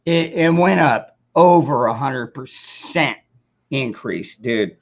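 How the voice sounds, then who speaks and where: A man's voice: mid-range voice, expressive, slow, vocal fry, dull audio. A man hosting a casual livestream chat, laid-back and profane, laughing often while he works on a craft project. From United States. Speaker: host.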